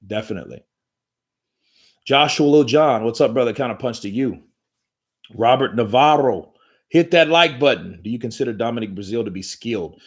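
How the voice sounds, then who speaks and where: A man's voice: mid-range voice, breathy edge. A man hosting a live boxing commentary stream, talking in a rambling, profane, joking way from home.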